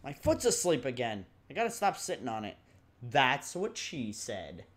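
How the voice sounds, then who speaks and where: A man's voice: mid-range voice, wildly swooping pitch, moderate pace. A man doing casual gameplay commentary, joking, swearing and laughing at the game as he plays. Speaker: let's play commentator.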